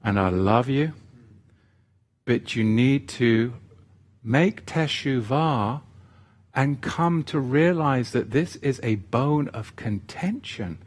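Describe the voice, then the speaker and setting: A male Bible teacher speaks in a sermon style, pleading earnestly and coming back to key phrases. His delivery is slow and deliberate. His pitch rises and falls widely as he tells stories. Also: lively intonation.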